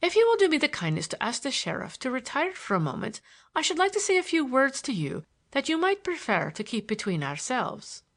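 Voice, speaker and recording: A woman reading an audiobook, voicing a calm, grave male Irish barrister who speaks slowly and politely. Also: high-pitched, voice pushed up, heavily acted. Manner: slow, polite, deliberate.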